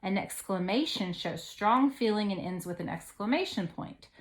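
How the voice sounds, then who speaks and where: A patient woman teacher walks young children through a grammar lesson, one step at a time. She reads each example sentence slowly, then breaks it down, checking in with a frequent "okay?" Her pitch sits in an ordinary middle range. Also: animated. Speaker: second grade teacher.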